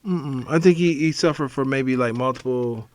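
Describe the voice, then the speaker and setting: A man's voice: mid-range voice, normal speed, darkish tone, slight background noise. Man telling stories on a podcast. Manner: storyteller who acts out voices. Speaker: podcast co-host. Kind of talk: casual chat.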